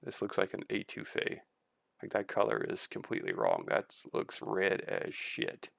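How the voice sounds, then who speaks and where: A man's voice: deep voice, huge pitch swings, normal speed, creaky, a bit bright, no echo, studio quality. A man streaming casual reaction commentary, blunt and critical, swearing freely.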